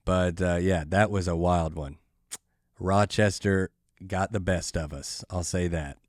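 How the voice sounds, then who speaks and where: A young adult man, a comedian hosting his own podcast, telling a story in a casual, animated way with lots of filler words. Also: low-pitched, no room sound, studio quality. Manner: animated, fast, full of "like" and "dude".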